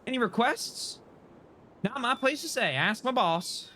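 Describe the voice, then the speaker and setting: A man's voice: extremely high pitch, expressive, a little slow, pushed and bright, a little hiss or hum, pitched above the performer's own voice, full character voice. A man voicing a meek young male assistant with a put-on Southern drawl, timid and eager to please. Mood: deferential. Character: meek young male assistant who defers to his boss.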